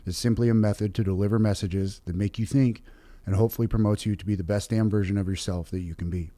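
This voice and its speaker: A man hosting a podcast interview, chatty and energetic, laughing often as he talks. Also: lowish voice, quick pace, dry recording. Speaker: podcast host.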